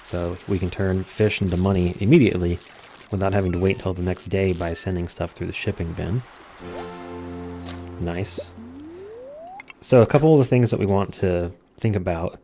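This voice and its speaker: A man giving casual let's-play commentary, calmly explaining game mechanics step by step. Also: sits low, a little hiss or hum. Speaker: gameplay commentator.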